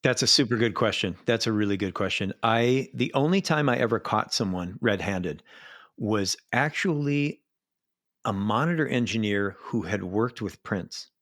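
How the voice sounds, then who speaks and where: A middle-aged man, a live sound engineer, telling animated backstage stories in a casual interview. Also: on the low side, moderate pace, dry recording, studio quality. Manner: animated anecdotes, acts out quoted voices.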